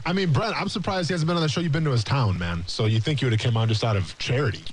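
A man from Iowa co-hosting a sports radio show, laid-back but easily excited in casual banter. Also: mid-range voice, quick pace, a little hiss or hum.

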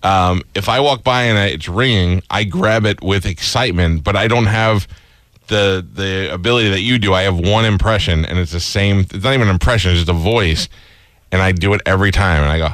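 A man hosting a casual radio chat, telling animated stories and acting out the voices in them, on a close studio mic. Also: deep voice, fairly quick, dry recording. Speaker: radio host.

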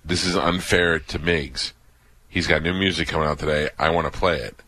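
A man's voice: a bass voice, fairly even intonation, normal speed, bright, forceful tone, husky. A man hosting a radio show, bantering and teasing his cohosts with mock threats.

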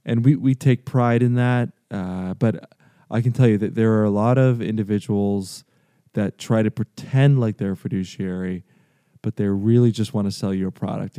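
Middle-aged male radio host, low mellow voice, earnest sales pitch, dry studio sound. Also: no echo. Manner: earnest, repetitive, salesy, with restarts. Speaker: radio show host and financial advisor.

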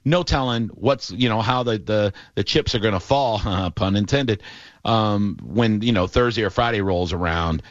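A man hosting a sports talk show, telling a long story in a casual, animated way with lots of fillers. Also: fairly low pitch, normal speed, dry recording. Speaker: radio show host. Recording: dull, lo-fi and dry.

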